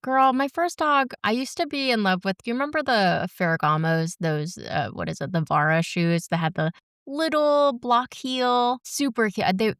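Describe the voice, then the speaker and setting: Smooth-voiced woman in her thirties. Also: on the high side, moderate pace, no echo, clean studio sound. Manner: candid, animated, chatty. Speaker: podcast co-host. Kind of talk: casual chat.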